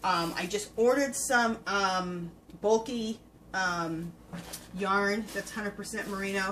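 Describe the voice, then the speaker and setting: A woman's voice: mid-range voice, a bit bright, slight background noise, low-quality recording. A woman hosting a fiber-craft podcast, chatting casually and enthusiastically to viewers with plenty of ums. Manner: gushing, enthusiastic, full of filler words. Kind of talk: casual show-and-tell chat to viewers.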